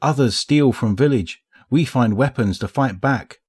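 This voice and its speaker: A man's voice: mid-range voice, a little mellow, slightly rough, voice pushed up. Man doing a pleading villager with a thick accent. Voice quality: thick accent, broken English. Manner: pleading, halting. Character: thin frightened villager man, desperate and pleading.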